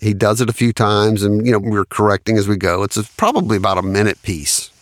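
A man's voice: on the low side, fast talker, no echo. A man, a studio engineer and producer telling anecdotes in an interview and laughing often. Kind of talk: storytelling in an interview.

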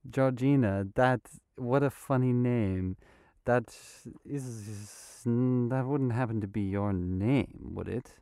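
Young male podcaster, slow and smooth, mock-formal politeness, dry close sound. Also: medium pitch, dark tone, no room sound. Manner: overly polite, formal phrasing, rambling. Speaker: podcast host in character. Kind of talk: improvised comedy sketch.

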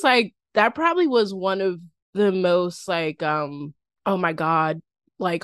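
A woman's voice: fairly low pitch, fairly bright tone, no echo, studio quality. A young woman hosting a podcast, talking in a casual, rambling way full of "like" and little laughs. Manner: rambling, filler-heavy, giggly. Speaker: podcast host. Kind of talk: casual chat.

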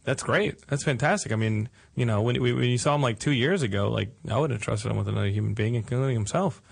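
A man's voice: mid-range voice, quick pace, creaky, breathy edge. A man hosting a casual podcast chat, rambling with stammering restarts and frequent chuckles. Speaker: podcast host.

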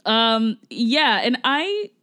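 A woman's voice: on the high side, sing-song, extremely slow, bright, forceful tone, no room sound. A woman hosting a podcast, chatting in a rambling, giggly way. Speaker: podcast host. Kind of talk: casual chat.

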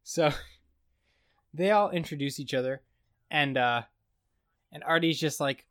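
A man's voice: fairly high pitch, slow pace, a bit bright, no room sound, studio quality. A man co-hosting a podcast, rambling through a casual comedic recap and acting out scenes. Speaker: podcast co-host.

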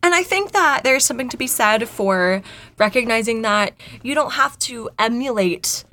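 A woman's voice: fairly high pitch, animated, normal speed, bright, forceful tone. A woman co-hosting a podcast in casual, playful chat, joking around and thanking listeners. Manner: playful, jokey, talks of voice acting work. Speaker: podcast co-host.

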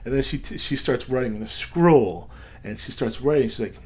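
A man's voice: medium pitch, expressive, moderate pace, a little mellow, breathy edge. A man co-hosting a podcast, rambling through a story and acting out the lines of the people in it, often laughing. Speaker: podcast co-host. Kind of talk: casual chat, retelling a story with put-on voices.

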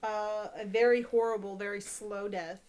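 A woman's voice: medium pitch, steady tone, moderate pace, a little mellow, smooth. A woman co-hosting a podcast, chatting in a blunt, sardonic way. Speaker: podcast co-host. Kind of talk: casual comedic chat.

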